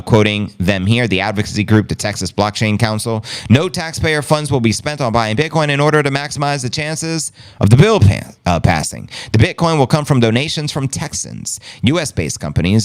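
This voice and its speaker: A man's voice: on the low side, clean tone. A man hosting a podcast, reading news with brash, jokey, slangy commentary. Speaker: podcast host.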